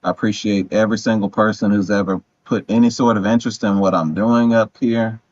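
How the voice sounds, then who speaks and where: A man with a lowish, flat, matter-of-fact voice. His sound is dry and a bit dull, like a cheap mic with the highs rolled off. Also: a little fast, dry recording. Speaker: guest. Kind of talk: casual chat.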